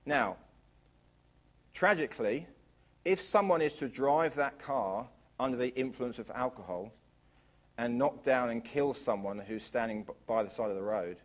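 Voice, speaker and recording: A man preaching a sermon to a congregation, asking rhetorical questions and swinging from loud emphasis down to quiet, low lines. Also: measured pace. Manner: varies volume widely, drops to quiet emphasis; asks the audience rhetorical questions.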